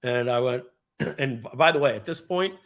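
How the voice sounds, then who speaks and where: A man telling a personal story to a live audience at a party, often clearing his throat and restarting his sentences. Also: medium pitch, normal speed, a bit bright.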